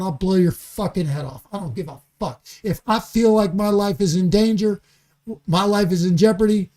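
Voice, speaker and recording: A man's voice: high voice, darkish tone. Heated, swearing man on a podcast. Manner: heated, emphatic, swearing freely. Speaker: comedian guest. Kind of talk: podcast conversation. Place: studio.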